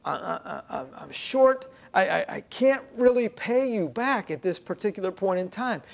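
A man's voice: sits high, expressive, moderate pace, creaky. A man voicing a timid male debtor in a parable, stammering in a near whisper. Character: timid poor male debtor pleading quietly.

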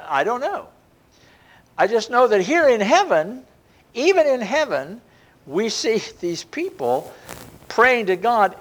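An older man preaching a sermon, with a conversational delivery and frequent restarts. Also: on the high side. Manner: lively, rising and falling delivery with frequent restarts.

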